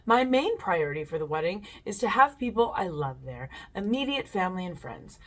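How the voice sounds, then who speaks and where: A woman's voice: mid-range voice, very animated, fairly quick, fairly bright tone. A woman hosting her own channel, chatting casually in a rambling way, swearing now and then, and reading stories aloud.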